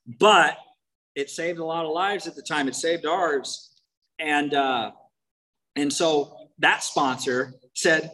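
A man's voice: a little high, a little slow, bright, forceful tone, rough recording. Main speaker at a recovery meeting: a candid, wry man with a Californian accent, telling his story. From United States. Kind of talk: personal recovery talk.

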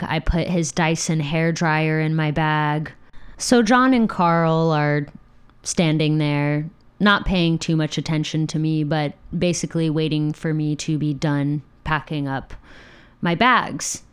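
Low-voiced woman telling a wild story. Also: fairly even intonation, slow pace, smooth. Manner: frank and profane, with laughs. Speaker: podcast host telling her own story. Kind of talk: candid personal storytelling.

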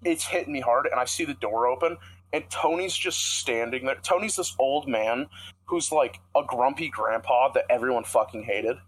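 A man's voice: mid-range voice, normal speed, low-quality recording. Young man telling a profane story. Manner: profane, rambling, animated storytelling. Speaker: podcast co-host. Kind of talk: casual storytelling chat.

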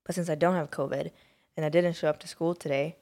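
A young woman co-hosting a casual podcast chat while she is sick. Her voice sits low for a woman. She talks in a chatty way, with lots of "like" and fillers. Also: steady tone, quick pace, a little mellow. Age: young adult. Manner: chatty, uses many fillers and "like". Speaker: podcast co-host.

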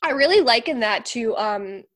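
A woman's voice: a little high, expressive, moderate pace, fairly bright tone. A woman co-hosting a casual chat, hesitant and full of fillers as she compares scenes. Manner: chatty, hesitant, filler-heavy. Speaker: podcast co-host.

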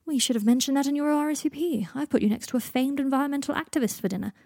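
A woman's voice: high-pitched, racing, darkish tone, no echo, pitched above the performer's own voice. A woman voicing a sardonic young wizard man with a dry, theatrical wit. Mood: wry.

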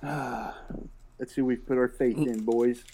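A man's voice: medium pitch, fairly even intonation, a little slow, warm tone, slightly rough. A man co-hosting a podcast in casual chat, joking in a mock-indignant way. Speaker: podcast co-host.

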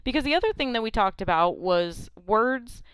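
A woman co-hosts a casual podcast chat, talking in a smooth, clear voice. She teases and banters, and her disbelief comes out as sudden exclamations. The sound is dry and close, with no room around her. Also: on the high side, normal speed, dry recording. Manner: animated, teasing, exclaims in disbelief. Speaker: podcast co-host.

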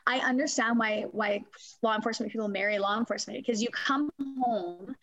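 A woman's voice: a little high, fairly quick, dull audio, a crowd in the background. A woman, talking candidly in a casual interview, swearing freely and acting out quotes. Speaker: guest.

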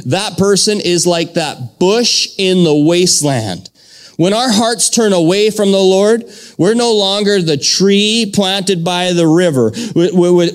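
Preaching man with a lively high voice. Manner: fervent preaching with repetition and call-and-response. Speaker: pastor. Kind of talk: sermon.

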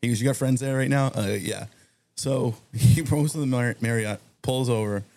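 A man telling a long, animated story on a podcast, acting out the other people in it. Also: medium pitch, normal speed, creaky. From Massachusetts. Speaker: guest storyteller. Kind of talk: casual anecdote on a podcast.

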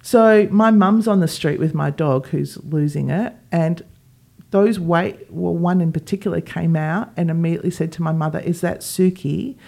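A woman's voice: on the low side, moderate pace, creaky. A woman, a podcast co-host telling a personal story in casual chat and acting out what others said. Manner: animated, acts out quoted dialogue.

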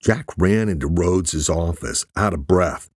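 A man narrating a thriller audiobook in a steady, husky voice. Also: low-pitched, unhurried, no echo, clean studio sound. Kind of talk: scripted narration.

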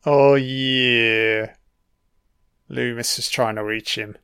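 A man's voice: mid-range voice, fairly even intonation, extremely slow, long pauses, a bit bright, clean tone, dry recording, clean studio sound. A British man giving an audio commentary over a film, swearing constantly and heckling the characters on screen.

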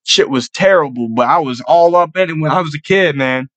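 A man in his twenties hosting a sports podcast, ranting as an excited fan and swearing constantly. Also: a little fast, no echo, low-quality recording. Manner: swears constantly, gets louder and higher when hyped. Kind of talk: profane, excitable fan rant.

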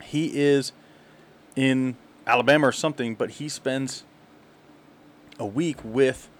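A man co-hosting a casual podcast, telling stories in quick, animated bursts and laughing often. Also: medium pitch. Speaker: podcast co-host. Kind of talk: casual chat.

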